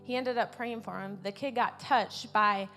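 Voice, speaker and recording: A woman preaching an informal sermon at a church service, earnest and repeating her key words, swelling louder on her main points. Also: medium pitch, steady tone, normal speed, soft background music.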